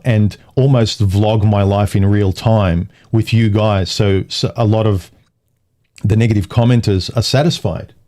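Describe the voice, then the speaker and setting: A man's voice: lowish voice, warm tone. A man hosting a casual livestream, talking in loose, rambling phrases with frequent restarts. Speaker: livestream host.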